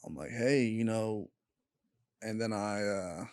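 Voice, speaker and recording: A young man, a podcast guest, telling a painful personal story in a candid, halting way and swearing freely. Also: fairly low pitch, a little mellow, no room sound, clean studio sound. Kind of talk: casual storytelling.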